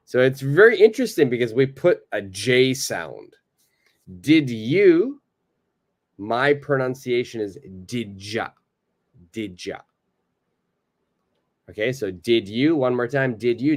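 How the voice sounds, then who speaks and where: A North American man teaching English in a live online lesson. He speaks slowly and patiently, with a mid-range voice, and says phrases over and over for learners to repeat. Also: mid-range voice, expressive.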